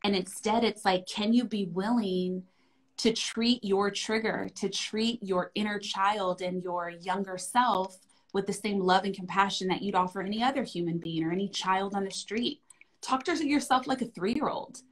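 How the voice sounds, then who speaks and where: Gentle, affirming woman speaking softly. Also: mid-range voice, normal speed, rough recording. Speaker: wellness guest. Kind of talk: heartfelt conversation.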